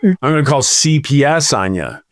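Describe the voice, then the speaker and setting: A man with a mid-pitched voice co-hosts a podcast and chats in a teasing, easygoing way. His voice sounds dry and close to the mic. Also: big pitch swings, normal speed, no room sound. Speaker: podcast co-host. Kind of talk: casual chat.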